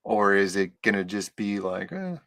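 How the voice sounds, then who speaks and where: Gravelly man tossing out dry jokes. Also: fairly low pitch, very animated, normal speed, fairly bright tone, dry recording. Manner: dry, joking quips. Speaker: co-host of a comics talk stream. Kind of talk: casual chat.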